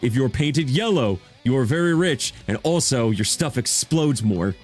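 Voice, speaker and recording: A man's voice: medium pitch, animated, normal speed, faint music behind. A man streaming as a VTuber in a casual chat, talking with rambling enthusiasm and frequent restarts.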